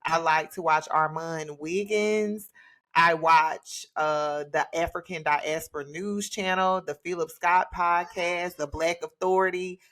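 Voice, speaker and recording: Low-voiced woman chatting casually on a livestream. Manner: chatty, laughs often, relaxed. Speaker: livestream host. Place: home with children.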